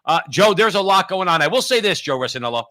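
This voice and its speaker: Male co-host, fairly high and bright, emphatic, chatty asides. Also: sing-song, quick pace. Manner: emphatic, repeats listener's name, rambling asides. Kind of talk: political talk show.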